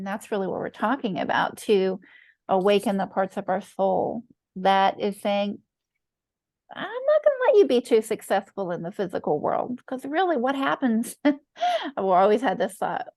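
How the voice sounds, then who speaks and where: A woman's voice: medium pitch, a little mellow, no echo, clean studio sound. A middle-aged woman teaching an online master class as a coach, talking earnestly and checking in with "right?" often. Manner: earnest, affirming, frequent "right?" check-ins.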